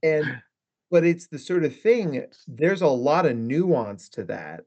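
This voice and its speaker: Man, podcast guest therapist, animated, mimics quoted voices, muffled lo-fi recording. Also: on the high side, slow pace. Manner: animated, acts out quoted lines with shifting inflection. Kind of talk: casual podcast conversation. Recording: dull lo-fi sound.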